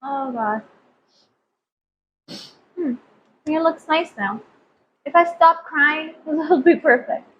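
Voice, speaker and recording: A high-voiced young woman chats through a makeup vlog, giggling and poking fun at herself. The sound is dull and lo-fi, with a faint hiss behind her. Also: slow pace, long pauses. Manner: self-deprecating, giggly, rambling. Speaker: vlogger. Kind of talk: casual makeup vlog chat.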